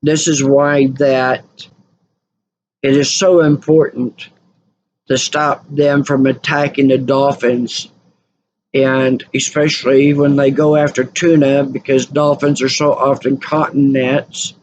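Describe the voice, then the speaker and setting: A woman's voice: rumbling low, flat delivery, slow pace, a little mellow. A woman telling stories in a rambling, casual monologue, repeating and correcting herself. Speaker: channel host. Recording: dull lo-fi recording with faint noise.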